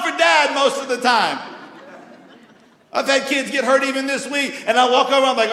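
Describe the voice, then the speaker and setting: A young man preaching a sermon as pastor, telling stories in an animated, joking way and acting out voices, sometimes rising to near shouts. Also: extremely high pitch, normal speed. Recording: echoey hall with long reverb.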